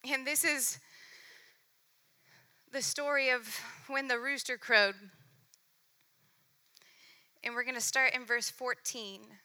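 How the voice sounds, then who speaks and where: A woman preaching a sermon, earnest and intimate, softening to near-whispers while reading scripture aloud. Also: sits high, fairly even intonation, takes it slowly, pauses often.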